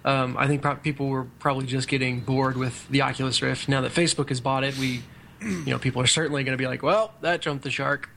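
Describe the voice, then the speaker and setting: A man's voice: mid-range voice, level tone, quick pace, gravelly, a bit bright, a little hiss or hum. Wry male podcast co-host. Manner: wry, joking asides. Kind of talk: casual chat.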